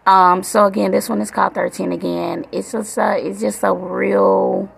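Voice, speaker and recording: A woman's voice: mid-range voice, little pitch movement, normal speed, gravelly, husky. A woman in her thirties talking to her viewers in a casual, heartfelt vlog, rambling with many fillers. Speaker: vlogger, mother. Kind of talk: casual reflective vlog chat.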